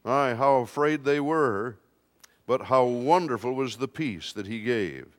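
Slow, emphatic male preacher. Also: medium pitch, animated, big-room sound. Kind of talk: sermon.

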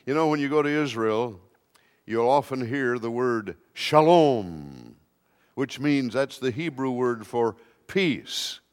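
A male preacher delivering a sermon at an unhurried, deliberate pace. His voice sits at a middle pitch, and he leans on key words and adds small touches of humor as he speaks to a church congregation. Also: lively intonation, in a large hall. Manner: slow, emphatic preaching with light humor.

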